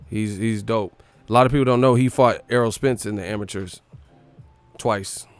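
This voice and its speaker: A man's voice: on the low side, normal speed, clean tone, no room sound, soft background music. A man hosting a boxing show, talking in loose slangy commentary, swearing and laughing a lot. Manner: animated, profane, slangy, laughs often. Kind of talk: casual sports commentary.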